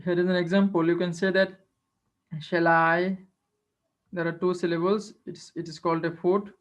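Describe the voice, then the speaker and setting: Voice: medium pitch, little pitch movement, quick pace. A teacher giving an online lecture, explaining step by step and repeating key phrases. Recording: dull lo-fi online class recording.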